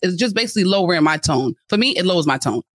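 Bright, high-voiced man chatting. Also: rapid-fire, no echo, clean studio sound. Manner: animated storytelling, swears freely. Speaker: podcast co-host. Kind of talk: casual chat.

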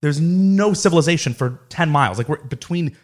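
A young man from South Florida casually telling a profane, animated story. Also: a little high, fairly quick. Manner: profane, animated anecdote telling with acted quotes.

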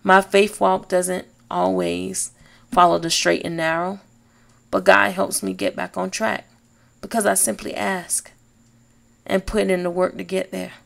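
Woman podcast host, inspirational faith talk; slow, emphatic, a gravelly edge. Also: lowish voice, level tone.

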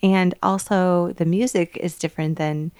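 A woman co-hosting a podcast in casual chat, playful and quick to slip into silly quoting voices. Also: fairly low pitch, steady tone, darkish tone, clean tone, no room sound, studio quality. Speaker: podcast co-host.

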